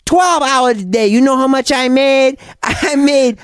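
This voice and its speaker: A man's voice: very high voice, unhurried, clean tone, no echo, studio quality, pitched above the performer's own voice. A man putting on a mock Korean accent to voice an angry middle-aged male rideshare driver who rants and swears over and over. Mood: fed-up ranting. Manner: swearing, repetitive ranting.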